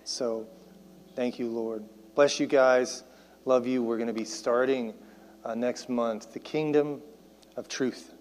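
Man, pastor, earnest sermon, repeats phrases, hushed prayer, long hall reverb. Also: mid-range voice, steady tone, slow. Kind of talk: sermon altar call.

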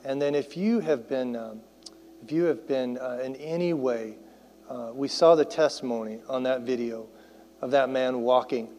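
A man preaching and making an altar call. He talks earnestly, repeats his phrases, and drops into hushed prayer. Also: mid-range voice, normal speed. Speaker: pastor. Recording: long hall reverb.

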